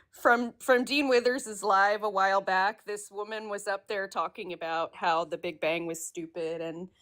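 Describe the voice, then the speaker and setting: A woman's voice: mid-range voice, slow pace, a bit bright. A woman calling in to a livestream, giggly and apologetic as she chats. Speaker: caller. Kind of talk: casual call-in chat.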